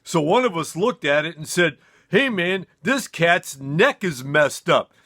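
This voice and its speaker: A dazed, stoned young college guy with a raised, bright, slow drawl, as a storyteller puts him on. Laid-back and unbothered, he stretches his words out lazily. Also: a little high, very animated, pitched above the performer's own voice, heavily acted.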